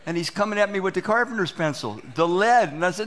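Lively man preaching a sermon. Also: high voice, fast talker. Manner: animated storytelling, acts out quoted exchanges. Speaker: pastor. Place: church.

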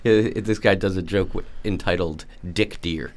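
A man's voice: low voice, fairly even intonation, normal speed, background noise. A man in casual chat, teasing and skeptical as he cuts in with questions.

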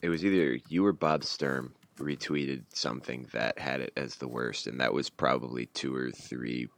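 A man co-hosting a casual sports podcast, talking in a blunt, wry way that builds into animated rants. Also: a bass voice, normal speed, creaky. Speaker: podcast co-host.

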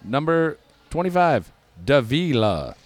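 A man's voice: a little high, big pitch swings, slow, a little hiss or hum. A man co-hosting comedic play-by-play for a rec-league basketball game from the side of a gym, with upbeat broadcaster patter. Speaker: co-commentator. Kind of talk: comedic sports commentary. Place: community gym, courtside.

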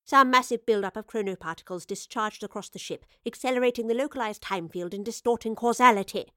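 A woman voicing a calm, learned female professor who explains things in a quiet, measured voice. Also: fairly high pitch, no echo, studio quality, close to an everyday voice. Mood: quiet, grave.

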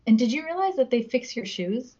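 A woman's voice: fairly high pitch, very animated, a little fast, dark tone, dull audio. A woman guest in a casual podcast chat, giggly and self-deprecating as she reads out facts. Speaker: guest, musician.

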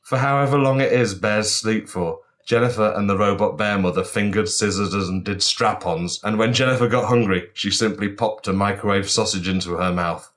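A young man with a low voice reads out a comic story in deadpan, mock-solemn tones. He sounds a bit tipsy. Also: moderate pace, hardly any pauses. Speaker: podcast co-host reading his story. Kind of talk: comic reading of an absurd story.

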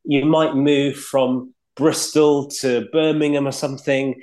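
A clergyman from Leeds with a Yorkshire accent, telling stories from his own life in a relaxed, reflective way with frequent pauses. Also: medium pitch. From Leeds, England. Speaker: guest, clergyman. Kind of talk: conversational storytelling.

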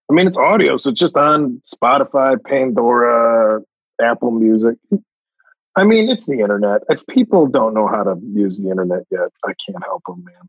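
A man's voice: medium pitch, no room sound, muffled recording. A man who is a comedian, joking about himself as a podcast guest in casual chat. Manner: self-mocking, animated, drawled asides.

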